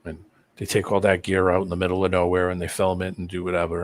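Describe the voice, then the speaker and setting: On a live stream video call, a man with a deep, monotone voice talks fast in casual chat. He rambles in a conspiratorial way while explaining something, talking over the other man.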